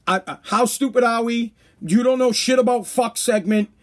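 High-voiced profane ranting podcast man. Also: normal speed. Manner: profane, blunt, worked-up rants. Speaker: podcast host. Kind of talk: casual ranting podcast monologue.

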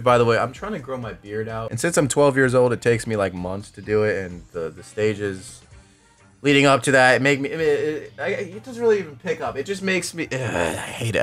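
Young man, gameplay commentary, excitable, swinging pitch, music in background. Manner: excitable, shouts and laughs often, self-mocking. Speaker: gaming YouTuber. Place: home room. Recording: music playing underneath.

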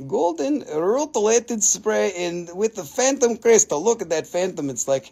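A man's voice: high voice, lively intonation, a little slow, gravelly, warm tone, breathy edge. A man hosting a live crystal sale, joking, swearing and haggling over prices in casual talk. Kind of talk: casual live sales stream.

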